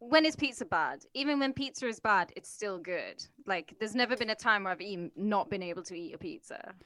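A woman's voice: mid-range voice, lively intonation, a little fast, pushed and bright. A woman co-hosting a podcast, playful in casual chat. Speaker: podcast co-host.

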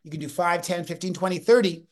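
A man's voice: sits high, quick pace. A man in his fifties, a podcast guest, talking with energy and telling stories, often breaking off and restarting his sentences. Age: 50s. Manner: energetic, storytelling, often self-interrupting. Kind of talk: podcast interview.

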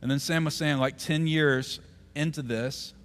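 Pastor preaching a sermon. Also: male voice, on the high side, steady tone, a little slow.

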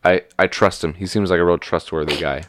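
A young man playing a tabletop game, joking crudely and deadpan. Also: low voice, brisk, a little hiss or hum. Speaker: tabletop player. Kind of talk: casual role-play banter.

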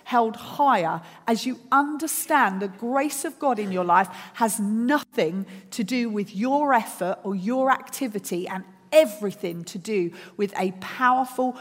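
A woman's voice: mid-range voice, measured pace, hardly any pauses, in a large hall. A woman preaching a sermon at a church service. She speaks earnestly and builds her points through repeated phrases.

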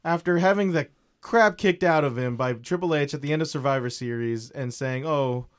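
Eager man talking fast on a podcast. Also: fairly high pitch. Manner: quick, eager, interrupts and restarts. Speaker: podcast co-host. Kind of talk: casual chat.

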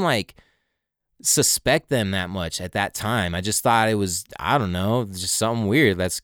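A man's voice: on the low side, clean tone, dry recording, studio quality. A man in his twenties telling a personal story in a rambling, profane way, full of fillers. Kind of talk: casual storytelling monologue.

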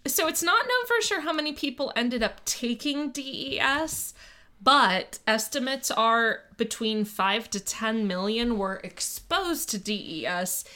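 American woman podcast host, kinda high voice, bright and chatty, swears a bit. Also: expressive, measured pace. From United States. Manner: swears casually, explains history in detail. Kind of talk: casual chat.

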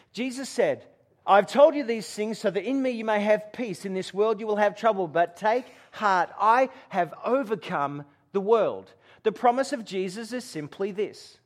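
A man preaching a sermon to a gathering, telling a story and dropping to a hush for dramatic moments. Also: sits high. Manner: storytelling with dramatic hushed drops. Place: room with a gathering.

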